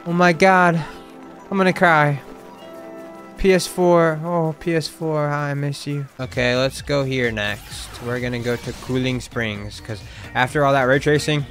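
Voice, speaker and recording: A young man streaming a video game, reacting with slangy, excitable commentary and sudden loud outbursts. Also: a little high. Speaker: gaming streamer. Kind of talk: let's play commentary.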